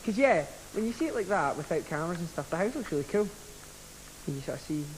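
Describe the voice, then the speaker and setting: A man's voice: fairly high pitch, very animated, fast talker, a little hiss or hum, low-quality recording. A man bantering casually with a friend, teasing and laughing as he goes.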